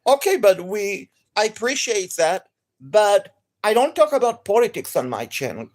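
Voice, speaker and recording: A woman with an accent, an energetic and enthusiastic gaming streamer chatting live to viewers. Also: mid-range voice, moderate pace. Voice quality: non-native accent.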